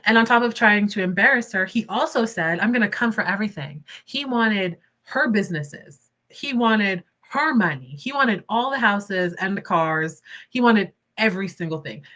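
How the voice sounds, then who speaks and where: A young woman hosting casual livestream commentary, expressive and indignant, laughing often between points. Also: mid-range voice, moderate pace, few pauses. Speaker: commentary channel host.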